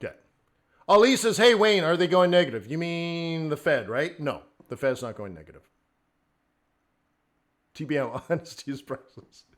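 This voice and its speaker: A man hosting a live trading stream, talking off the cuff and swinging between near-shouted rants and quiet asides. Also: on the high side, animated, moderate pace, pauses often. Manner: acts out traders' inner voices in quotes. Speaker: livestream host, forex trading coach.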